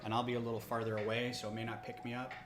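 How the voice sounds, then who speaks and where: A man hosts a casual live stream from the building table in his home, talking rapid-fire in a monotone, medium-pitched voice while thinking aloud and tossing in jokey asides. He sits close to a desktop USB microphone, with ambient music playing from a laptop behind him.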